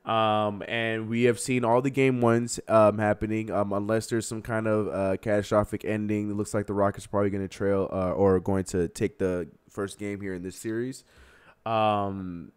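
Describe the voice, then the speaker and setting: Young male stream host, lower voice, fired-up rants that swing between loud and muttered asides, casual sports-talk delivery. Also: moderate pace, smooth. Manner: animated, exasperated, laughs often. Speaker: podcast host.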